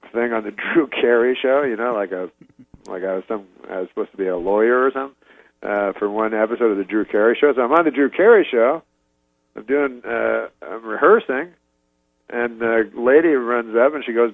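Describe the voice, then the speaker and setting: A man from Canada, telling a meandering anecdote as a comedian guest in a deadpan way, chuckling at his own story. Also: medium pitch, gravelly, no echo. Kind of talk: rambling anecdote in an interview. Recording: slightly muffled lo-fi audio, dry.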